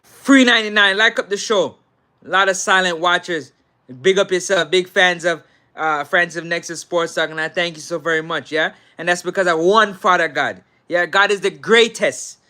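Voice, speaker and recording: Speaking at normal speed, this Jamaican-accented sports talk host has a high, bright, smooth voice with a forceful tone. On his live stream he works through viewer comments, restating his points with patois sprinkled in.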